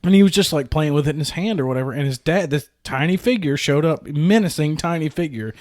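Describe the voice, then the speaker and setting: A man's voice: fairly high pitch, fast, a little mellow, no room sound, clean studio sound. A man in his thirties hosting a podcast, telling a funny childhood story in casual chat, swearing freely and acting out the people he quotes. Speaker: podcast host.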